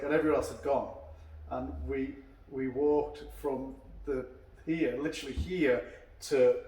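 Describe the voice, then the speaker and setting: A man hosts a relaxed chat over drinks and winds through long stories, voicing the people in them as he goes. His voice sits in the middle of the male range. It echoes around the room and sounds set back from the mic. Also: mid-range voice, recorded from a distance. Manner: long rambling anecdotes, acting out quoted dialogue. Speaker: karate instructor and podcast host. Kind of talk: casual chat over a beer.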